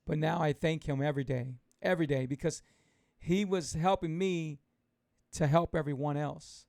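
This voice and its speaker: A keto coach hosts a live stream for his viewers, his voice gravelly, slightly high, and a little mellow. He speaks at normal speed with fairly even intonation, fervently pitching, restarting often, and repeating each point. The recording is close and dry, with no sense of room.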